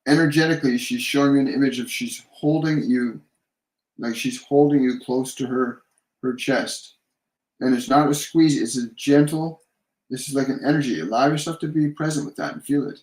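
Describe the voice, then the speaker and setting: A man hosting a live medium Q&A, relaying messages and leading slow guided breathing in a gentle, repetitive way. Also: medium pitch, fairly even intonation. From Canada. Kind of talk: live-stream channeling Q&A. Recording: echoey room.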